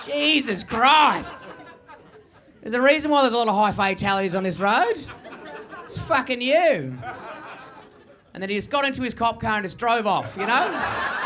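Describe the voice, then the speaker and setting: A young adult man with an Australian accent performing a stand-up comedy set, high-energy, brash and full of swearing. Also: lively intonation, normal speed, long pauses, crowd noise, noisy background.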